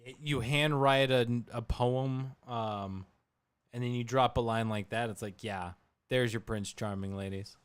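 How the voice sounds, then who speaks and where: A man co-hosting a casual movie discussion podcast, animated, often trailing off and restarting. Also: mid-range voice, unhurried, smooth, no echo. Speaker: podcast co-host.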